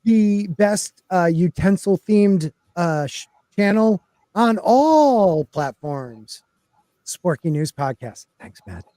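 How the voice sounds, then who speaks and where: A man's voice: sits high, big pitch swings, slow, warm tone, no room sound. A man hosting a casual podcast, upbeat and rambling, laughing easily as he introduces his panel. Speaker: podcast host. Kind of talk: casual chat.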